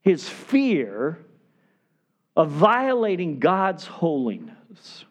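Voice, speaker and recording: Slow, high, animated male preacher. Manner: emphatic preaching, dropping to hushed tones for emphasis. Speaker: pastor. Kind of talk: sermon.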